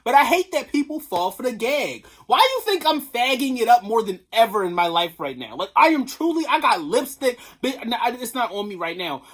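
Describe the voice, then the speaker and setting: A woman's voice: a little high, very animated, brisk, few pauses. A woman venting in a casual vlog rant, sassy and rambling, talking straight to her viewers and swearing freely. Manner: bursts into loud laughing, shrieking tangents. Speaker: vlogger. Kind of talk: casual commentary rant to camera.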